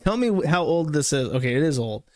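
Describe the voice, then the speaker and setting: A man's voice: a little high, big pitch swings, fast talker, darkish tone, dry recording, studio quality. A man hosting an online commentary show, talking in a mocking, rambling way. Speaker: host. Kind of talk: casual commentary chat.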